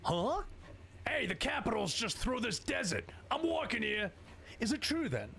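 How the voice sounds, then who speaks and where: A man's voice: extremely high pitch, big pitch swings, moderate pace, vocal fry, sharp tone, slight background noise, pitched above the performer's own voice, full character voice. A man voicing a blunt common militiaman in a video game, with a wobbly put-on Scottish accent. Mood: gruff. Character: gruff common militiaman, adult male, blunt.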